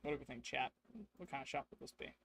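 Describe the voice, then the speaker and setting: A man's voice: mid-range voice, flat delivery, fast talker, creaky, a bit bright, a little hiss or hum. A man streaming a solo tabletop game, narrating casually and thinking aloud to his chat.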